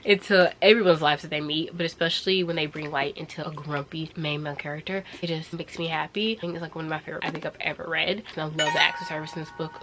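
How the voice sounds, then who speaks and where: A bubbly young woman rambles happily about her favourite books, breaking off for the odd hiccup. Her voice sits a little low for a woman. A faint room hum sits behind her. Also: steady tone, fast talker, hardly any pauses, a bit bright. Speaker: booktube host. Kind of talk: casual chat about books.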